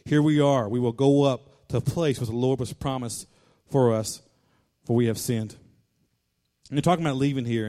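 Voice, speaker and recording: A man preaching a sermon as pastor, fervent, repeating his lines for emphasis and rising to loud declarations. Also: medium pitch.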